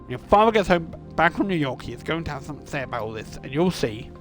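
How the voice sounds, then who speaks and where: A man voicing a furious, snobbish middle-aged mother scolding her child in a shrill, indignant tone. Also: normal speed, soft background music, natural voice.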